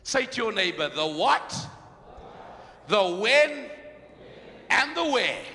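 A man preaching a sermon, shouting refrains and leading the congregation in call-and-response. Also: sits high, sing-song, takes it slowly, big-room sound, slight background noise.

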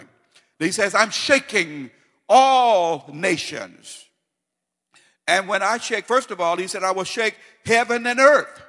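A man preaching with a high, bright, ringing voice that swings from quiet teaching to loud, fervent repetition. His voice echoes with a long reverb, as in a large hall. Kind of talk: sermon.

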